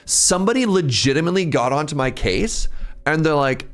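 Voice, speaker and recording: A man's voice: a little high, animated, fairly quick, fairly bright tone. A young adult man casually live-streaming a game, chatting with his viewers, reading out their names and laughing often. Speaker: streamer playing an incremental game. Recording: faint game music underneath.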